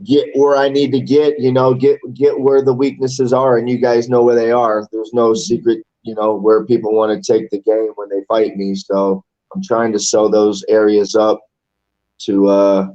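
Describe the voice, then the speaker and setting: A man's voice: lowish voice, level tone, normal speed, mellow. Rambling man with dull lo-fi sound. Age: 40s. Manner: loose, rambling, swears casually. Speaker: amateur MMA fighter, guest. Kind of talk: casual interview chat.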